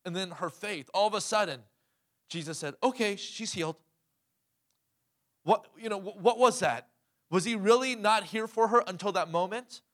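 Male pastor mid-sermon, emphatic, fairly high voice. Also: normal speed, fairly bright tone. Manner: emphatic, asks the crowd questions, calls "Amen?".

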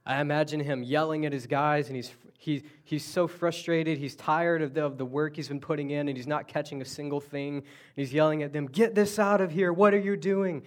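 A man's voice: fairly high pitch, flat delivery, a little fast, hardly any pauses. A man preaching a sermon, telling the story conversationally with restarts and asides. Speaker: pastor.

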